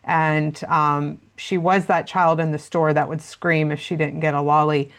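A woman's voice: sits low, flat delivery, unhurried. A woman answering interview questions as a parenting expert, explaining at length with frequent fillers.

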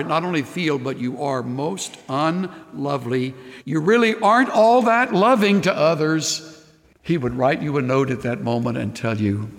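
A man's voice: fairly high pitch, creaky, long reverb tail. An older man preaching a sermon, earnest and intimate, sometimes dropping almost to a whisper. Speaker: pastor.

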